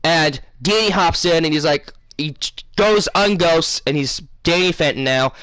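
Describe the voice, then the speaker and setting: A man casually telling his viewers a long dream story, rambling, losing his place and filling pauses with um and uh. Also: on the high side, fairly bright tone, no room sound. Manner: rambling, loses his place, many fillers. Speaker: gaming channel host.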